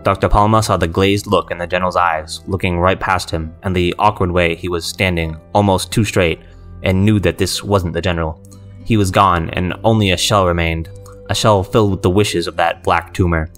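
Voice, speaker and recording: A man narrating a scripted horror story in a measured, steady way. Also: low voice, soft background music.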